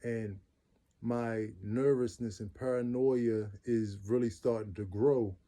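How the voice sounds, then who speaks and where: A man tells his own story in loose, everyday speech. His voice is mellow and dark, set at an ordinary middle pitch. He talks earnestly and leans on repeated phrases for weight. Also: fairly even intonation, takes it slowly. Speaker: vlogger telling his own life story. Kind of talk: casual personal storytelling.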